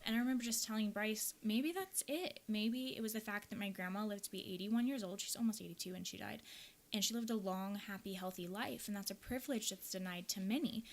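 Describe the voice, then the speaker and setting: A woman's voice: medium pitch, brisk. A young woman from the American Midwest, a yoga teacher hosting a podcast, telling a personal story in a candid, earnest, reflective way.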